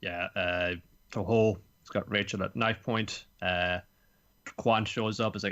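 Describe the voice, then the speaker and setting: A man's voice: fairly low pitch, fairly even intonation, measured pace, a bit bright, muffled recording. A man co-hosting a casual podcast, rambling through episode recaps and acting out characters' lines. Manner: rambling, acts out quotes in voices. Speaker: podcast co-host.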